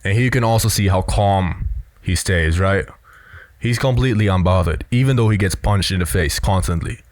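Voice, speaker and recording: A man with a low voice gives casual commentary on film clips and breaks down gestures as he goes. His talk is loose and full of "you know" and "right?", and it sounds dry and close with no room echo. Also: moderate pace. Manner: explanatory, heavy on fillers like "you know" and "right?". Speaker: body language commentator.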